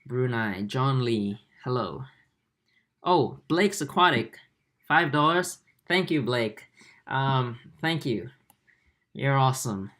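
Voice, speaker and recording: A man in his twenties hosting a livestream, reading viewer comments aloud in a soft, halting way with many fillers. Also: mid-range voice, lively intonation. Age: 20s. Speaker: aquarium channel host.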